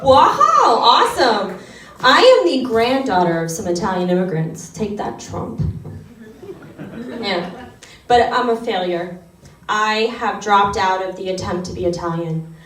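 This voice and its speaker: A woman's voice: mid-range voice, expressive, a little slow, a bit bright. A woman performing a self-mocking stand-up set on a comedy club stage, with wry asides. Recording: roomy club sound from a distance.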